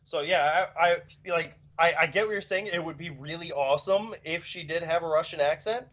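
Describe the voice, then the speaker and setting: A man's voice: on the high side, a little fast, a bit bright. A man co-hosting a casual podcast chat, rambling with many fillers and restarts. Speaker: podcast co-host. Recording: dull lo-fi podcast audio.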